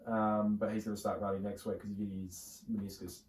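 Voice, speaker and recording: Rambling Australian bloke, roomy distant sound. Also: male voice, on the low side, flat delivery, brisk, a little mellow, a little hiss or hum. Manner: rambling storyteller, many fillers and restarts. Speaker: podcast co-host. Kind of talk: casual chat.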